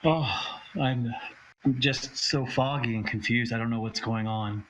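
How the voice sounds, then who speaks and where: A man's voice: mid-range voice, fairly even intonation, a bit bright, slight background noise, natural voice, low-quality recording. A man voicing a dazed, confused young man who stammers and trails off. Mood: bewildered. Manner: halting, stammering, bewildered.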